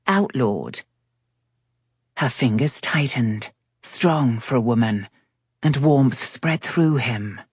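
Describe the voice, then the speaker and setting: Very low-voiced woman narrating a romance. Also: breathy edge, dry recording, clean studio sound. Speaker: audiobook narrator.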